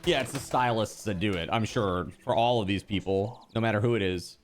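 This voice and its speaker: With a lowish voice and a fairly quick pace, a man streams from home while faint music plays behind him. He keeps the live-stream chat casual, reacting to viewers with animated disbelief and occasional swearing.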